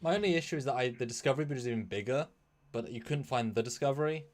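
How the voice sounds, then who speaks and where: A man's voice: medium pitch, very fast, a little hiss or hum. A man chatting casually as a guest on a live stream about his fan films, rambling with frequent laughs and restarts. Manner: rambling, animated, laughs often.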